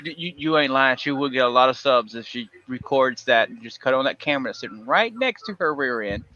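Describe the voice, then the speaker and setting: A man's voice: mid-range voice, lively intonation, fairly quick, pushed and bright, dull audio. A man with a Southern US accent hosting a casual livestream chat, laughing often and tripping over his words. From South Carolina, USA. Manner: chuckly, stumbling over words. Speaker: livestream host.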